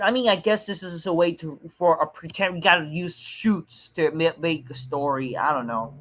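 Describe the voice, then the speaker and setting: A man's voice: high-pitched, sharp tone. A man reviewing a wrestling show in a casual rant, rambling and dismissive, with lots of swearing and filler words.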